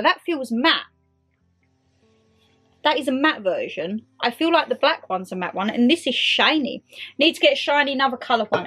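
A young British woman chatting excitedly to viewers and to her clothes in a casual haul video. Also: fairly high pitch, husky. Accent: British English. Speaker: vlogger. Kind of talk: casual try-on haul chat.

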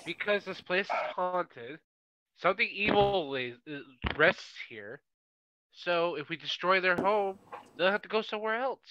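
Animated bright-voiced man, playful player. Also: sits high, unhurried, highs cut off, a little hiss or hum. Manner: playful, pushes wild ideas. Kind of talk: casual game chat.

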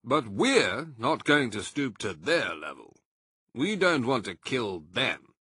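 Man doing soft worried old badger, husky slow voice, dry close mic. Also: mid-range voice, big pitch swings, no room sound, voice pushed up, full character voice. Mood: doubtful. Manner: mild, hesitant. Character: gentle, respectable old badger, doubtful.

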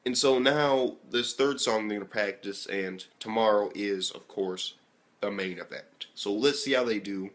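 A young man from the US giving a casual anime review, telling stories animatedly and swearing constantly, jumping between loud outbursts and near-whispered asides. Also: lowish voice, measured pace. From United States. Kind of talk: casual profane review rant.

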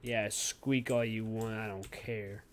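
A man's voice: lowish voice, flat delivery, slow pace, a little hiss or hum. Goofy young male gamer over keyboard clicks. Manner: goofy, talks to his pet and the viewers. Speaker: gaming YouTuber. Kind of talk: casual gameplay commentary.

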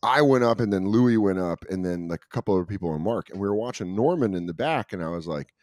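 Low-voiced man telling comedy stories. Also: no echo, studio quality. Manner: animated storytelling, doing quick impressions of other comics. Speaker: comedian guest. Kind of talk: casual podcast chat, storytelling.

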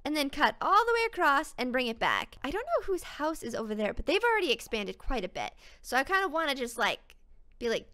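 A woman's voice: high voice, big pitch swings, a little fast, sharp tone. A young woman playing a video game and chatting in a bubbly, easily distracted way to her viewers. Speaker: gaming YouTuber. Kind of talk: casual let's-play chat.

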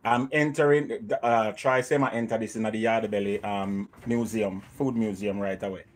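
A man's voice: fairly low pitch, fairly even intonation, moderate pace. Jamaican man chatting on a cooking livestream. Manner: banters with viewers, slips into patois. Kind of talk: casual livestream chat.

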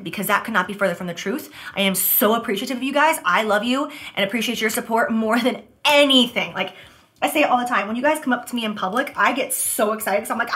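A young beauty vlogger does her makeup while opening up to her viewers in an emotional, earnest, confessional way. Her voice sits on the high side and sounds pushed and bright, typical of candid get-ready-with-me chatter.

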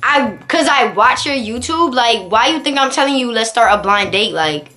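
A sassy, girly young woman on a call, pushy and quick to take offense, as a woman puts her on. She talks with plenty of attitude, a little higher than a typical woman's voice. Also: expressive, bright, forceful tone, faint music behind. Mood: defensive. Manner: sassy, defensive, attitude-heavy.

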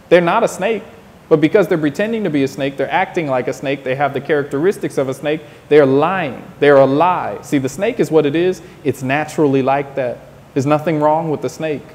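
A man's voice: on the high side, a little mellow. Insistent, preachy man with long reverb. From United States. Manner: preachy, insistent, repeats his points. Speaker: interview guest. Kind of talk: passionate monologue.

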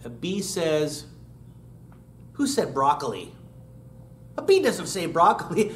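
Over loud acoustic guitar in a roomy space, a man teaches young children a sing-along lesson, upbeat as he sings and asks them questions. His fairly high voice is sing-song and slow, with long pauses, and there's slight background noise.

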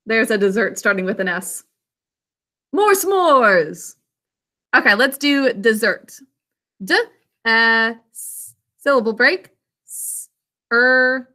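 A woman teaching young children a phonics lesson, patient and encouraging as she sounds out words slowly. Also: fairly high pitch, pushed and bright.

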